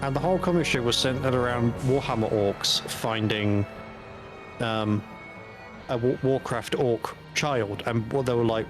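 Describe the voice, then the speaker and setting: A man rambling through a casual chat with wry, sweary asides, sometimes slowing down and sometimes rushing. His pitch is middling, and soft music sits behind him. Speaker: stream co-host, hobby painter.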